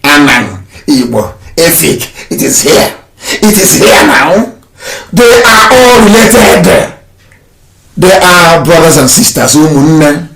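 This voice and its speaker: A man's voice: fairly high pitch, big pitch swings, takes it slowly, gravelly. Fiery Nigerian man ranting in an echoey room. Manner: fiery, mocking, laughs often, shouts insults. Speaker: broadcaster. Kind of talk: impassioned solo broadcast. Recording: echoey room with faint noise.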